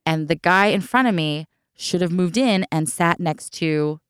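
Woman storyteller, low smooth voice, dry close sound, animated anecdotes. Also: measured pace, no echo. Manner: animated, acts out quotes, swears. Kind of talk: casual storytelling chat.

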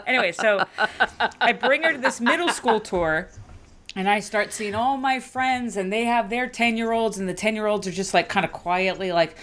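A middle-aged woman and mother telling a comic story in casual chat, acting out her daughter and herself in sudden high, laughing voices. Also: normal speed. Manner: animated, acts out quotes with big pitch jumps, laughing.

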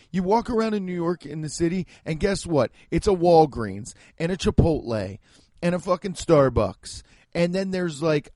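A Midwestern American man, a podcast host and stand-up comic, rambles through a casual, sarcastic, swear-filled monologue. His voice is on the high side with a darkish tone, and there's no room sound.

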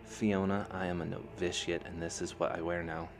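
A man's voice: low-pitched, level tone, normal speed, noisy background. A man reading a novel aloud, voicing an earnest, unsure young novice monk who talks hesitantly. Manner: hesitant and self-conscious.

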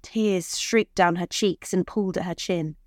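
A woman narrating a short romance story in a measured, somber way. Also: fairly low pitch, steady tone, a little mellow, no echo, studio quality.

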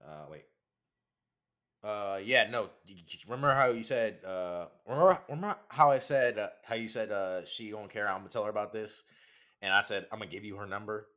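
A young man from California in casual chat, talking in a hesitant, halting way with many restarts. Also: fairly low pitch, pushed and bright.

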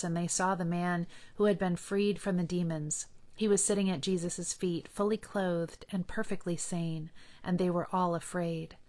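Woman, lowish voice, Bible reading, measured, earnest. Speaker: scripture reader.

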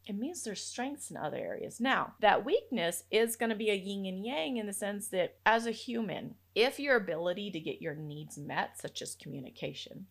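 Woman in her 30s, from Africa, solo podcast host; animated pitch, chatty, laughs easily. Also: normal speed, creaky, hardly any pauses. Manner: lively, chatty, laughs often, quotes herself. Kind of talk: casual solo podcast talk.

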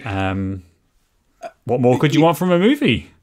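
A man's voice: mid-range voice, sing-song, a little slow. A man co-hosting a podcast, chatting casually, often stopping to correct himself. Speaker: podcast co-host.

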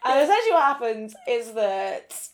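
A woman's voice: fairly high pitch, very animated. A young woman co-hosting a podcast, chatting casually and crudely about a film and laughing often. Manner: giggly, crude, acts out characters in quick voices. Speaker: podcast co-host. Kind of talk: casual chat recapping a film.

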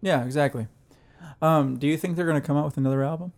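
A man co-hosting a casual music podcast, calmly explaining the songs and laughing along with his co-host. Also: a little high, fast. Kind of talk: casual music review chat.

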